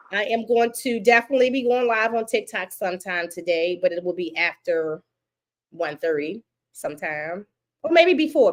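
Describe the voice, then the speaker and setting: An older woman with a Baltimore accent, casually chatting and laughing as a podcast co-host, her voice worn down and going hoarse. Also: medium pitch. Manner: laughing, animated, teasing. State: losing her voice. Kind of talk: casual chat.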